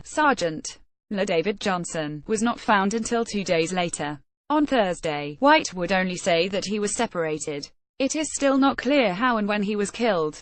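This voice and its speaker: A woman reads a news report aloud at an even, steady pace. Her pitch sits in the middle range. The recording is dry, with no room echo. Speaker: news reader. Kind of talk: read-aloud news article.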